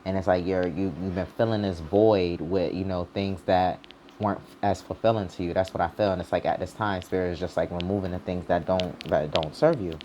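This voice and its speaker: Give me a low-voiced man doing a rambling tarot reading. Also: fairly even intonation, fairly quick, background noise. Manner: loose and rambling, heavy on "like" and "you know"; informal, streetwise, swears casually. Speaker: tarot reader. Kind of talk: casual tarot reading to camera.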